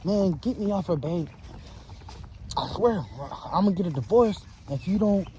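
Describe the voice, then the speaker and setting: A man's voice: sits high, lively intonation, moderate pace, dark tone, a little hiss or hum, voice pushed up, low-quality recording. A man voicing a panicked cheating husband tied up in a basement, pleading and yelping in a raised voice. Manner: pleading, rising to frightened yelps.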